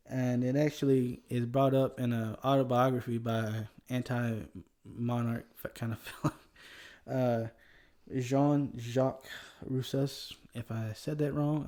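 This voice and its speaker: A man with a Southern US accent, talking loosely and chuckling often as he hosts a history podcast. His voice is mellow and dark, and his pitch is middling for a man. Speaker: podcast host. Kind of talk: casual history podcast chat.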